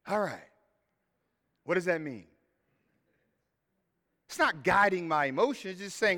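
High-voiced pastor preaching in a reverberant hall. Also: male voice, expressive, moderate pace, long pauses. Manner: earnest, repeats phrases, acts out quoted voices loudly. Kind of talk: sermon.

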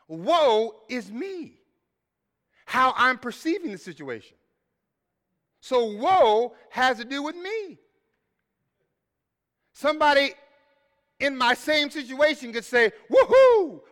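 High-voiced preacher in a reverberant hall. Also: male voice, very animated, unhurried, pauses often. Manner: preaches with big swells, shouting scripture lines then dropping to quiet asides. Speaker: pastor. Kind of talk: sermon.

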